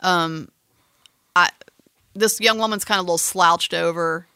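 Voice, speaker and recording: A woman's voice: lowish voice, steady tone, a little slow, bright, forceful tone, smooth, no echo, clean studio sound. A woman co-hosting a podcast, chatty and teasing, rambling through a film plot with restarts. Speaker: podcast co-host describing a film. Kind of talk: casual chat.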